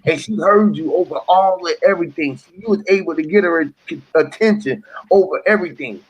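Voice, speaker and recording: A man's voice: a little high, brisk, slightly rough, dull audio. A man talking casually on a podcast, telling a story and acting out scenes with sound effects. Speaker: podcast host.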